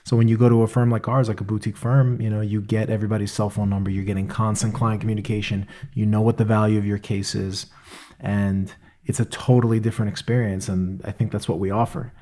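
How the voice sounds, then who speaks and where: Male lawyer host, low-ish voice, persuasive interviewer. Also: flat delivery, quick pace, mellow. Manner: prompting questions, persuasive pitch. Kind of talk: podcast interview.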